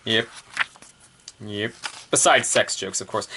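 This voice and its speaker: A man's voice: medium pitch, a little slow, fairly bright tone. A man casually reviewing a magazine, rambling, laughing often and repeating the same fillers.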